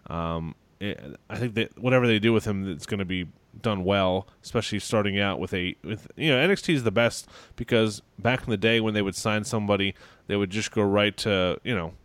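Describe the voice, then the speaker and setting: A man's voice: lowish voice, fairly quick, a bit bright, clean tone, dry recording. A man co-hosting a casual wrestling podcast, rambling with lots of fillers and restarts. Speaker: podcast co-host.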